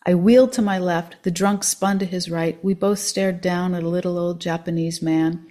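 A woman reading a first-person story aloud in an expressive, measured way. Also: lowish voice.

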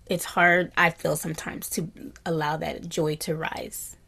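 A woman teaching a meditation class, giving a reflective dharma talk in a gentle voice that often slips into a soft whisper. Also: deep voice, a little slow, creaky, slightly rough. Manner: animated when voicing happy quotes.

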